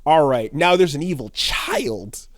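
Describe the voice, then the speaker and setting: Animated man acting out scenes. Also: on the high side, a little slow, dry recording, studio quality. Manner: animated, acts out scenes with shrieks and laughs. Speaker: podcast co-host. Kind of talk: casual podcast chat.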